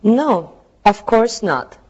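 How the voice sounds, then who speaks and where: A woman's voice: medium pitch, expressive, drawn-out words, a little mellow, lo-fi sound. A woman voicing an adult student who answers the teacher in a scripted classroom exchange, in a plain, careful way.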